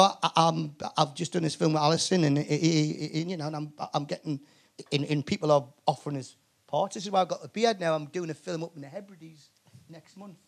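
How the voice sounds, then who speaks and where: A man with a Geordie accent, a comedian and actor, telling rambling, swear-filled anecdotes as a guest. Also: a little high. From Newcastle, England. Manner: animated storyteller, swears freely, many restarts. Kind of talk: anecdotal chat before a live audience.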